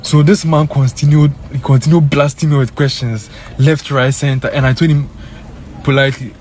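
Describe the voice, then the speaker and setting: A young man casually telling his viewers a story, animated and peppered with "guys" and "bro.". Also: medium pitch, normal speed, a little hiss or hum. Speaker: vlogger.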